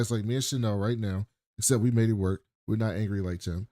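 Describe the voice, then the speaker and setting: A man's voice: fairly low pitch, fairly even intonation, fast, few pauses, mellow, no echo, clean studio sound. A man co-hosting a podcast, casually and profanely retelling scenes from a TV episode. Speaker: podcast co-host. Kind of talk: casual TV recap chat.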